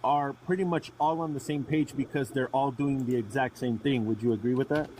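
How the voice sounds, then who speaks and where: A man's voice: mid-range voice, steady tone, brisk, a little mellow, a little hiss or hum, low-quality recording. A man hosting a live trucking podcast. He asks probing questions and often restarts and repeats himself. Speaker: podcast host.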